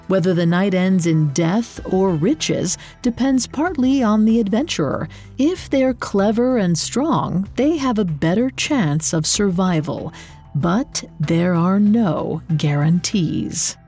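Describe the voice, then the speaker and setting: A woman reading a scripted story in a measured, expressive narrating voice. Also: on the low side.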